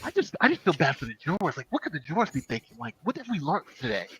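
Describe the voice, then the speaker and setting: A man co-hosting a livestream, chatty and animated. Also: a little high, fast, slight background noise. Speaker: livestream co-host. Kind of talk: casual live commentary.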